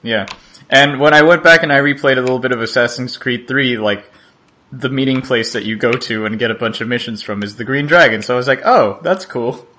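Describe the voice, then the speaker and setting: A man's voice: medium pitch, bright, forceful tone, slight background noise. Chatty rambling man. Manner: rambling, halting, laughs often. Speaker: podcast co-host. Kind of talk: casual chat.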